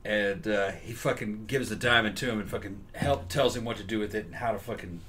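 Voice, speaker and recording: A man's voice: fairly low pitch, a little fast, fairly bright tone, slightly rough. A man from the Southern United States with a Southern American accent, co-hosting a casual movie podcast in a loose, rambling way, swearing often. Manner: loose, profanity-heavy, rambling. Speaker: podcast co-host.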